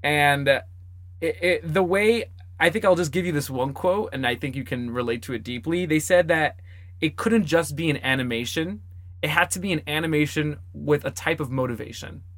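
Podcast co-host: man, slightly high voice, laughs easily, dry studio sound. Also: moderate pace, a bit bright, no echo. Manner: giggly, chatty, makes reaction noises. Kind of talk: casual chat.

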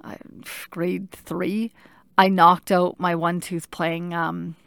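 A middle-aged woman telling a personal story in casual talk, animated and halting, with many restarts and filler "like"s. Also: lowish voice, creaky, clean tone, no echo.

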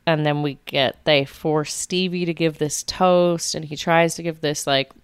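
A young adult woman co-hosting a podcast, recapping events in a steady, casual way. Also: sits low, unhurried, smooth, no room sound. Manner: steady, narrating events in order. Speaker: podcast co-host.

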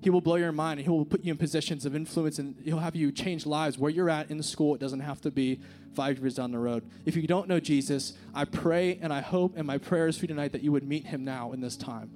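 A man's voice: fairly high pitch, brisk, hardly any pauses, darkish tone, soft background music. Earnest young man preaching casually. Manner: casual, earnest, many fillers like "like" and "dude". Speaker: youth speaker. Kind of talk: informal sermon with a personal story. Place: church service. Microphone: handheld microphone.

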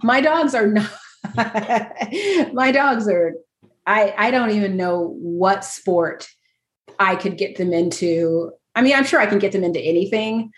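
A woman's voice: mid-range voice, a little slow, roomy sound. A woman chatting casually as a guest, self-deprecating and laughing often as she talks. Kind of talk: casual chat.

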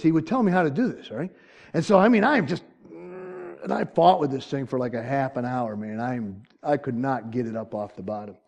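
A man preaching a sermon in an earnest way, pleading loudly at times and then dropping to a hushed, choked-up voice. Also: mid-range voice, very animated, normal speed, creaky. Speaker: pastor.

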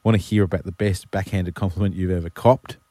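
A man's voice: deep voice, fairly even intonation, fast, dark tone, no room sound, clean studio sound. A man co-hosting a radio show with an Australian accent, teasing his co-host in casual banter. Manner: wry, teasing.

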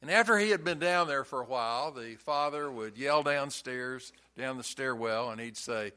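Slow, bright-voiced man preaching a sermon. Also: mid-range voice, clear, resonant tone. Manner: slow, emphatic preaching with repeated phrases. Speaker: pastor.

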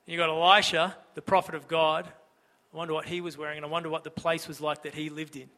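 Male pastor with a high bright voice, chatty storytelling sermon, long church reverb. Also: level tone, fast talker. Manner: conversational storytelling, rhetorical questions.

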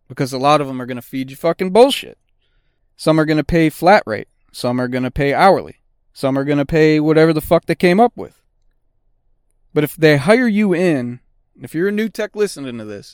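A middle-aged auto technician hosts a podcast, delivering a blunt, casual monologue full of constant swearing. His voice is on the high side, smooth and a little mellow, captured with studio quality and no echo.

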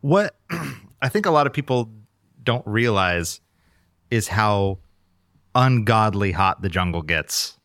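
Low-voiced man in laid-back podcast chat. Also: lively intonation, slow pace, a bit bright, no echo, clean studio sound. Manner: laid-back, chuckles along, short replies. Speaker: podcast co-host. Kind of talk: casual chat.

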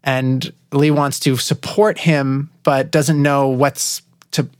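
A man's voice: medium pitch, little pitch movement, slow pace, a little mellow, no echo, clean studio sound. A man hosting a podcast, joking around and reading out listener questions. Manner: joking, self-mocking. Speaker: podcast host.

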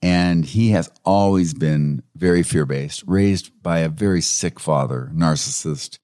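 A man with a deep, low voice works as a counselor and recounts client stories in a relaxed, conversational style. He talks with animation and chuckles between points. The sound is dry and close, with no room echo. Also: a little slow. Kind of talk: conversational interview storytelling.

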